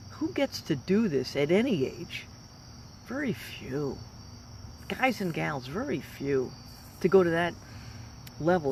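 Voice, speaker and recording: A woman's voice: sits low, darkish tone, slight background noise. A woman in her fifties, a professional fighter, giving an emphatic, rambling motivational talk. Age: 50s. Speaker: professional mixed martial arts fighter.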